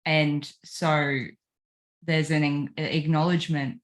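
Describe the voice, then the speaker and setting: A woman's voice: sits low, flat delivery, takes it slowly. A woman talking earnestly and reflectively about relationships, repeating phrases for emphasis. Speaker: guest.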